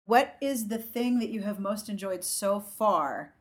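A woman's voice: medium pitch, animated, measured pace. A woman hosting a podcast, interviewing and chatting with enthusiasm. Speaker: podcast host. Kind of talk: casual podcast chat.

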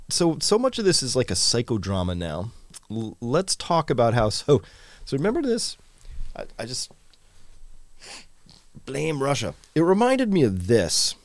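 A man's voice: medium pitch, dry recording. A man co-hosting a casual talk show, chatting in a conversational way and reading viewer comments aloud. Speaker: podcast co-host. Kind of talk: casual chat with live audience.

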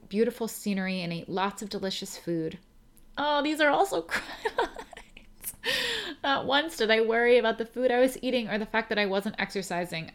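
A young adult woman hosting a podcast, reading a listener email aloud and chatting in a rambling, emotional way, laughing through tears. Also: fairly low pitch. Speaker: podcast host.

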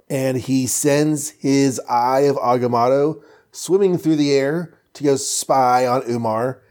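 A man's voice: mid-range voice, a little mellow. A man chatting casually on a podcast, walking through a comic book story. He keeps it jokey and breezy and slips into goofy voices for a moment. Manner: jokey, does quick silly voices for characters. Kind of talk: casual chat, retelling a comic plot.

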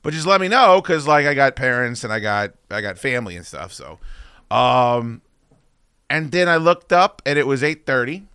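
Profane, animated man on a bright dry mic. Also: mid-range voice, normal speed, clean tone, no echo. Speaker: podcast co-host. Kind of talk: casual chat.

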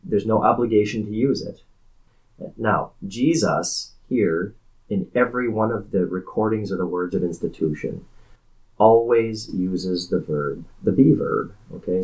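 A man's voice: lowish voice, measured pace, darkish tone, rough recording. A man, a pastor co-hosting a podcast, explaining scripture in casual discussion, emphatic and often repeating words as he goes.

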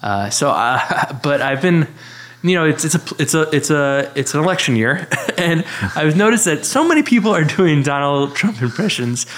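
A man's voice: a little high, animated, normal speed, fairly bright tone. A man in his thirties co-hosting a casual podcast chat, hesitant with many fillers and frequent laughs. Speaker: podcast co-host.

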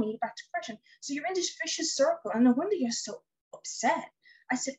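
Husky-voiced woman life coach. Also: sits high, fast. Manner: animated storytelling. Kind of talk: interview answers. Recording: dull lo-fi recording.

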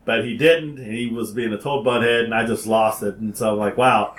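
A man telling a story in an animated way, acting out phone calls and sometimes rising to a shout. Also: lowish voice, a little fast, roomy sound.

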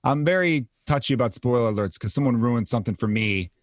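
A man's voice: medium pitch, lively intonation, fast talker, dry recording, studio quality. A comedian in his thirties, telling rambling stories in a casual podcast chat and swearing freely. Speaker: comedian guest. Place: home.

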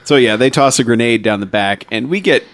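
A man's voice: medium pitch, fairly quick, a bit bright, no echo. A man co-hosting a casual movie chat, recapping the plot with frequent chuckles. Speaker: podcast co-host.

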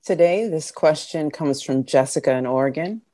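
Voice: mid-range voice, moderate pace, dark tone, no echo. A cheerful co-host reads a listener's letter aloud on a talk show. The recording is dry and close, with no room sound.

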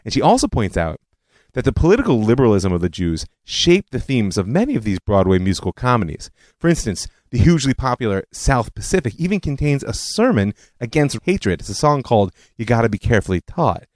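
A man hosting a history podcast, telling it as a scripted lecture with animated storytelling and personal asides. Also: medium pitch, fairly quick, no echo.

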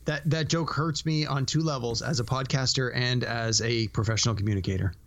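A man's voice: mid-range voice, fairly even intonation, brisk. A man co-hosting a podcast, teasing his partner with dry banter. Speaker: podcast co-host. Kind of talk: casual podcast chat.

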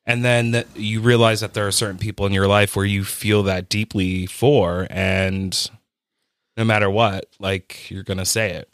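A man with a low voice shares stories on a casual podcast, getting animated and laughing as he goes. His mic is close and dry. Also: moderate pace, clean tone, no room sound. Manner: animated storyteller, laughs often. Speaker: podcast co-host. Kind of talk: casual chat.

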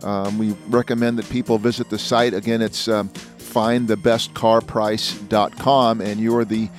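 Chatty low-voiced male podcast host. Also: little pitch movement, measured pace, soft background music. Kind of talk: casual interview chat.

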